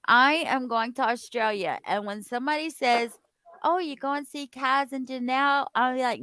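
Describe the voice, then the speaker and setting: A woman's voice: high-pitched, normal speed, bright, forceful tone, poor audio. A woman hosting a casual live-stream chat, talking playfully and laughing often.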